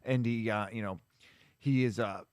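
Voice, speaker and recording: A man's voice: lowish voice, normal speed, smooth, no room sound. Rambling man recapping a movie, dry mic. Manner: rambling, full of "like" and restarts, animated retelling. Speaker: podcast co-host. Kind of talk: casual chat, recapping a movie.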